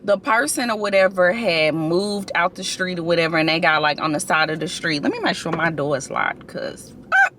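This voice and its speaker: Young woman vlogger, bright voice, chatty storyteller, recorded in a car. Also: lowish voice, normal speed, a little hiss or hum. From St. Louis, USA. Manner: chatty, animated storytelling with many fillers. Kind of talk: casual storytime vlog.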